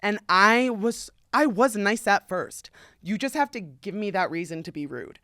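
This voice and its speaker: Animated young woman retelling a clash. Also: mid-range voice, normal speed, no room sound, studio quality. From US tri-state area around New York. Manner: dramatic retelling with loud acted-out quotes, frequent "like". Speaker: podcast host. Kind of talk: casual chat, animated storytelling.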